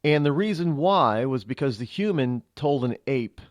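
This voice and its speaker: A man's voice: medium pitch, lively intonation, moderate pace, no echo. A man hosting a talk radio show, delivering a rambling, opinionated monologue into a studio microphone.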